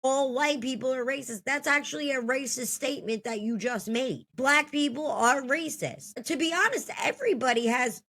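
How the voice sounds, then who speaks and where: A woman's voice: high voice, moderate pace, hardly any pauses, a bit bright. A woman in her thirties telling a story from her own life in a blunt, heated, profane way. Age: 30s.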